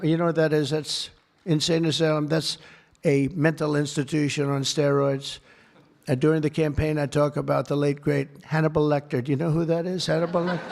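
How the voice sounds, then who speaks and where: A man with a voice on the high side and vocal fry gives an off-the-cuff public speech to a live audience in an event hall. He rambles and repeats himself, piling on superlatives and asides.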